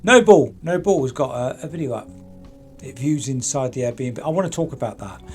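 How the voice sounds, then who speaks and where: A man's voice: medium pitch, expressive, moderate pace. Man doing true crime chat, asks loads of rhetorical questions, bit of music in the back. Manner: chatty, rhetorical, addresses people directly with questions. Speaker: true crime channel host. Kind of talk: casual true crime commentary to camera.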